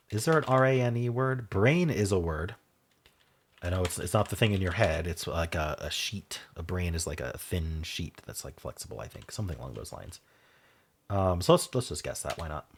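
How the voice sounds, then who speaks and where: A man hosting a word-puzzle video, thinking aloud as he solves it, spelling out letters and trailing off softly, with keyboard typing behind him. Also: deep voice, slight background noise. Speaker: Wordle video host.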